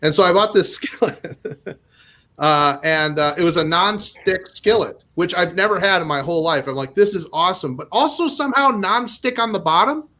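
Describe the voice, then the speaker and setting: A man in his forties performs a loose stand-up set, his voice sitting fairly high for a man. He rambles through stories full of fillers and restarts, mocking himself and chuckling at his own jokes. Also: lively intonation, normal speed, bright, forceful tone. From Minnesota. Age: 40s. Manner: rambling, self-deprecating, with nervous laughs and many fillers. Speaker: stand-up comedian.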